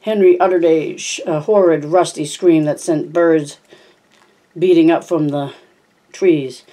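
A homemade audiobook narration at a middle pitch with a warm, dark tone. The reader trips over words now and then and backs up to fix them. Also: steady tone, unhurried. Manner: frequent stumbles and self-corrections. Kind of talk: reading a novel aloud.

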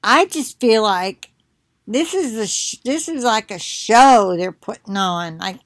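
A middle-aged woman muses slowly at home, drawing out her words in an unhurried, deliberate way. Her voice is dry and close, with no room sound around it. She keeps stopping to cough and clear her throat. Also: mid-range voice, animated, dry recording. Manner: slow, musing, thinking aloud. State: coughing, choking up. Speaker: video blogger. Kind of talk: casual commentary with scripture reading.

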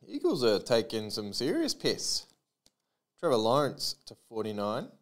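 A man's voice: mid-range voice, huge pitch swings, measured pace. A man hosting a live trading card break, calling out player names and serial numbers with chatty asides to his viewers.

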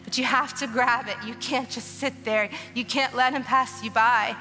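A woman in her thirties delivers an earnest, emotional testimony sermon, her voice bright and a little high. She speaks into a stage mic in a large church auditorium, with long reverb trailing her words and faint music playing beneath. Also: fairly even intonation, normal speed. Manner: emotional, earnest, preaching with rising urgency. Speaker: guest speaker. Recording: long hall reverb with soft music behind.

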